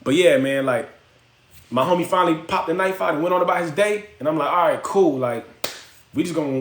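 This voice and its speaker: A man hosting a phone livestream, telling a story in casual slang and acting out the voices of the people in it. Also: a little high. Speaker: livestream host. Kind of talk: casual storytelling to live chat. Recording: echoey room.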